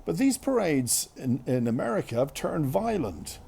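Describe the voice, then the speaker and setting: A man's voice: on the high side, big pitch swings, normal speed, vocal fry, warm tone, slightly rough. A man hosting a talk broadcast, giving a rambling monologue to his listeners with many restarts and asides.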